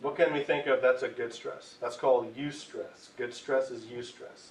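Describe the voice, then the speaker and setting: A man teaching a class in a relaxed, chatty way, often checking in with "right?". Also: medium pitch, moderate pace. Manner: conversational, keeps asking "right?". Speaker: tobacco cessation instructor. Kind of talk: classroom lecture. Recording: echoey room, mic far off, faint hiss.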